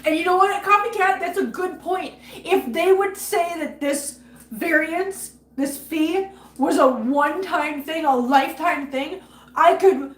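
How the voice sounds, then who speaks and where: A woman's voice: very high-pitched, unhurried, fairly bright tone. A woman hosting a casual livestream, ranting angrily and greeting viewers by name between outbursts. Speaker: livestream host. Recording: echoey room with faint ambience.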